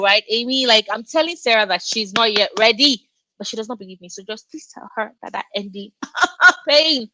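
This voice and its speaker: A woman's voice: medium pitch, normal speed, pushed and bright, dry recording, poor audio. Effusive young woman on a livestream. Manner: effusive, reads out chat and gushes, frequent laughs. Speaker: booktube livestream host. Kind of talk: casual livestream chat.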